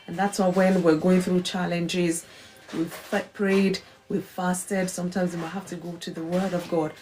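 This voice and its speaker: Mellow-voiced woman giving an earnest devotional talk. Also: fairly low pitch, little pitch movement, moderate pace. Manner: earnest and emphatic, repeats key phrases, acts out quoted remarks. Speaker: host of a faith encouragement livestream.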